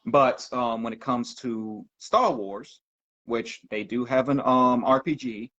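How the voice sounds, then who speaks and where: A man talking casually as a podcast guest, pausing often with ums. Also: medium pitch, a bit bright. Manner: halting, many ums. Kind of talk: casual conversation. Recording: dull lo-fi audio.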